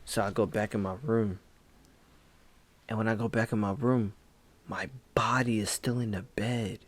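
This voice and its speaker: A man telling a spooky story in a laid-back, hushed casual way, dropping "bro" often. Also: on the low side, steady tone, moderate pace. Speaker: vlogger.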